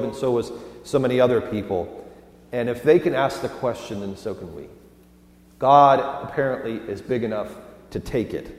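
An earnest male pastor in his thirties preaches in a middle-pitched voice, pressing some words hard and easing off on others. His voice rings out through a large church sanctuary, with a long reverb trailing each phrase. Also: a little mellow. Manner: earnest, rises and falls in emphasis. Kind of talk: sermon. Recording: roomy hall with long reverb.

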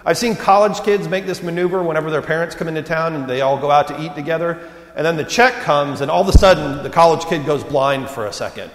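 Pastor preaching in an echoey hall. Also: male voice, a little high. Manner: conversational storytelling with humor. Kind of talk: sermon. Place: church sanctuary. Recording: echoey church hall with long reverb.

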